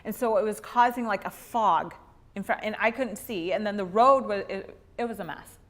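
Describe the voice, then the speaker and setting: Woman telling a lively church-class story. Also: medium pitch, moderate pace. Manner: animated, acts out her own story with quoted lines. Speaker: women's Bible class teacher.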